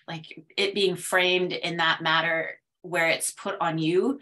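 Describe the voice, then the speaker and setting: A woman student speaking earnestly and haltingly in a casual panel chat, praising her mentor. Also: lowish voice, fairly even intonation, pushed and bright. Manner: earnest, halting, many fillers.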